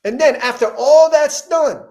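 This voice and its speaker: A man's voice: very high-pitched, a little slow, a little mellow. A man hosting an interview, talking emphatically with frequent restarts and rising intensity as he gets worked up. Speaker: podcast host interviewing a politician. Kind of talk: heated conversational interview.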